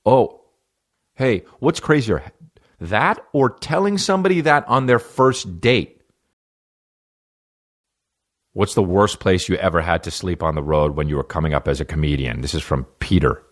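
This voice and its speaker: A man with a fairly low voice hosts a comedy podcast. He rambles from one story to the next, swearing freely and cracking jokes as he goes. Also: animated, normal speed. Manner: profane, rambling, jokey. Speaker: podcast host.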